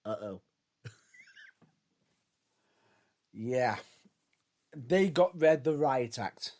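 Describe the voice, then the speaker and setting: A man's voice: medium pitch, extremely slow. A man co-hosting a podcast, chatting casually and hedging his points with frequent restarts. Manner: hedging, restarts often, lively rises and drops. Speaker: podcast co-host. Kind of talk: casual wrestling chat.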